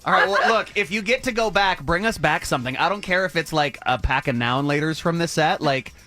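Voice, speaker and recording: A man's voice: fairly high pitch, lively intonation, fairly quick, pushed and bright, soft background music. Upbeat man hosting a radio show. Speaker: radio host. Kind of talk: morning radio chat.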